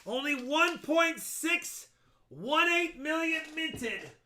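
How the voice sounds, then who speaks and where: Male stream host, high bright voice, chatty, jokey, walks through coin dates and grades. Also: expressive, takes it slowly, a little hiss or hum. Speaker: live stream host auctioning coins. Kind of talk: casual live auction chat.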